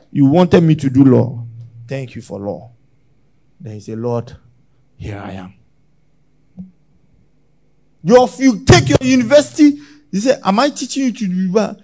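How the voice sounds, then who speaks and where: Male pastor, sermon, animated pitch, bursts and hushes. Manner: preaching with sudden shouts and hushed drops.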